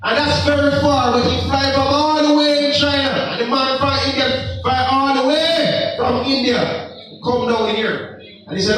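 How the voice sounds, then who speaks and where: Jamaican guy lecturing young folks, real high voice, big echo and kinda far off from the mic. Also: moderate pace, a bit bright. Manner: preachy, emphatic, rhetorical questions. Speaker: speaker addressing young people. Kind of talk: impassioned motivational talk.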